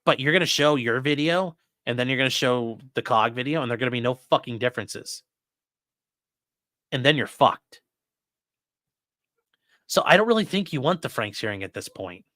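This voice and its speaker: Male stream host, blunt and crude commentary; bright, forceful voice with a wide, lively pitch. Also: moderate pace, pauses often, dry recording, studio quality. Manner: blunt, profane, mocking.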